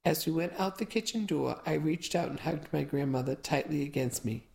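A woman narrating a first-person novel as an audiobook, with a lively, expressive delivery. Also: low voice, normal speed, creaky, few pauses, low-quality recording.

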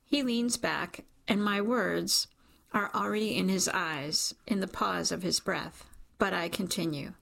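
A woman's voice: mid-range voice, unhurried, vocal fry, a bit bright. A woman narrating a first-person story in an intimate, emotional reading style. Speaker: audiobook narrator.

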